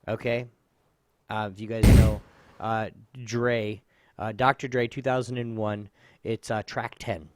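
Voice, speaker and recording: A man's voice: lowish voice, unhurried, slight background noise. A man in his thirties co-hosting a casual comedy podcast, telling a story with plenty of swearing and laughter. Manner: animated storytelling, swears freely, laughs often. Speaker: podcast co-host.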